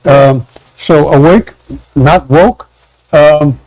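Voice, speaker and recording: A man talking as a guest in casual chat, animated, acting out quotes and laughing, with many restarts. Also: fairly high pitch, drawn-out words, no echo, poor audio.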